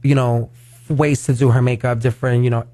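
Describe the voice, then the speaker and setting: A man who performs as a drag queen, chatting as a guest in a radio studio, talking fast and loose with lots of filler words. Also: medium pitch, level tone, dark tone, no room sound. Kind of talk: casual radio interview chat.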